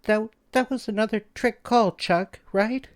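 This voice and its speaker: Excitable teen girl, guy voicing her, highish voice. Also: moderate pace, no echo, clean studio sound. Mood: eager. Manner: eager, then hushed.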